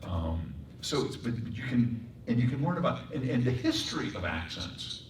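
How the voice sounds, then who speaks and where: A man teaching voice acting in a workshop lecture, breaking into accent and pitch demonstrations. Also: sing-song, normal speed, slight background noise. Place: performing arts center room. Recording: echoey room, mic far off.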